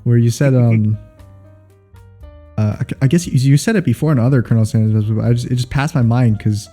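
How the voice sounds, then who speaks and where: A man whose first language is not English, co-hosting a casual podcast chat. His voice sits in a middle register with a dark, relaxed tone, and he rambles and restarts as he tells a story. Faint music plays under him. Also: mid-range voice, quick pace. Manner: rambling, laughing, restarts often. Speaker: podcast co-host.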